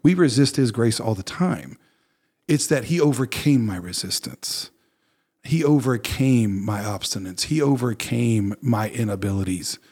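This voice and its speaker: A man's voice: mid-range voice, expressive, a little slow, darkish tone. A man in casual conversation on a faith podcast, thinking aloud in an earnest, reflective way. He often circles back with fillers and restarts.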